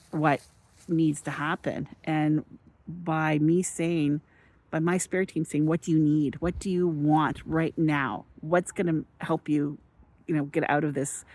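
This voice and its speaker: A woman vlogging casually, telling a story with animated, excited bursts and then slowing into reflective spiritual musing. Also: deep voice.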